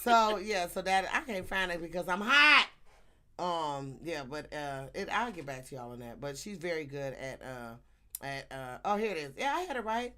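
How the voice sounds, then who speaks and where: A woman telling a story in casual chat, animated and laughing often, acting out the people in it. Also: on the low side, moderate pace. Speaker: teacher.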